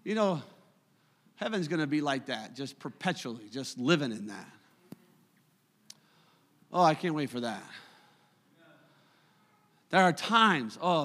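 A middle-aged male pastor delivers a sermon in a church sanctuary. His voice is high and bright. He swings from loud declarations to hushed asides, and the sound carries a long hall reverb. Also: lively intonation, a little slow, long pauses.

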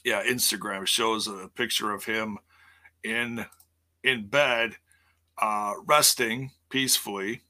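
A man hosting a casual live-streamed wrestling news show, rambling with lots of fillers, quick self-corrections and jokes. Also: on the low side, steady tone, bright, forceful tone.

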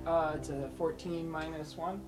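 A woman's voice: low voice, fairly even intonation, normal speed, far from the mic. A woman playing a tabletop game, declaring her character's actions in a playful, giggly way. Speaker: player. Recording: echoey room with background music.

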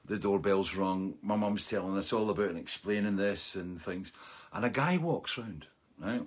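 A middle-aged man tells a story casually, in a low voice with a husky edge. He talks animatedly and breaks into laughter often. He restarts phrases and lets lines trail off as he goes. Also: moderate pace.

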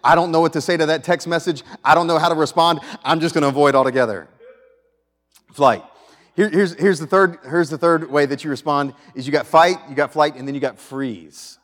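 A man's voice: fairly high pitch, brisk. Man preaching in an echoing church hall. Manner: animated, swings between loud emphasis and quiet asides; repeats and restarts phrases. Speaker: pastor. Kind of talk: sermon. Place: church sanctuary with audience.

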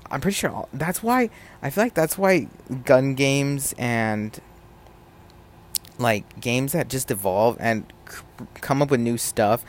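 Young guy ranting on his podcast, swears a ton, gets worked up, average pitch. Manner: profane, ranting, animated. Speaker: podcast host. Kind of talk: solo podcast rant.

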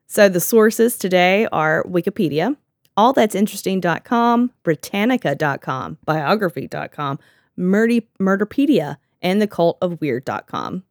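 A woman's voice: fairly low pitch, lively intonation, normal speed, no echo, studio quality. Sarcastic woman podcast host. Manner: sarcastic, laughs often. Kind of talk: casual chat.

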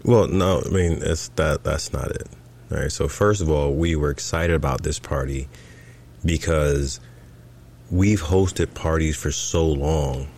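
Man, very low voice, podcast co-host, animated storytelling, plays out dialogue. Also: measured pace, slight background noise. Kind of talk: casual storytelling.

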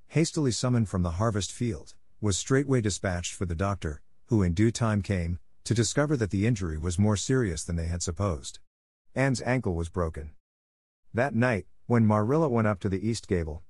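A low-voiced man narrates a storybook as an audiobook narrator, in scripted narration. His delivery is animated, moderately paced and a little mellow, on clean studio sound with no room sound.

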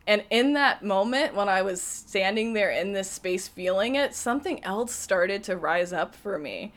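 Chatty young woman telling a story. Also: medium pitch. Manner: chatty, emotional, lots of "like" fillers. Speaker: podcast host. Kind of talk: casual storytelling monologue.

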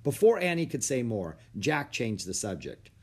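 Guy reading a kids' book out loud, gravelly, lively ups and downs. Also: mid-range voice, moderate pace. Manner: expressive, animated. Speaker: narrator. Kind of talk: storybook read-aloud.

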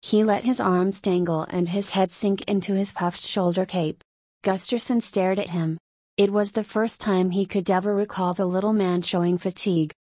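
A woman's voice: medium pitch, fairly even intonation, moderate pace, a little mellow, no echo. Woman narrating a story, dry and close. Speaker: audiobook narrator. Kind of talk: scripted narration.

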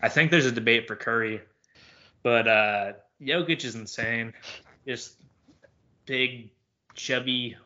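Taking it slowly and pausing often, a young sports podcast host speaks in a medium-pitched voice with a sharp tone. His casual chat rambles loosely, packed with fillers, over dull lo-fi podcast audio.

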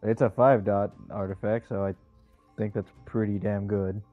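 A laid-back player at a tabletop game, speaking casually. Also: male voice, lowish voice, steady tone, normal speed. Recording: dull lo-fi sound with faint music.

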